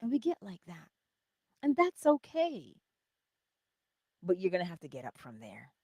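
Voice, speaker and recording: Woman, motivational host, animated pep talk, swings from cheering to hushed, dry close sound. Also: on the low side, normal speed, breathy edge, no room sound. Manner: lively, swings between loud cheering and soft whispers; laughs often. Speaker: host of a morning inspiration live stream.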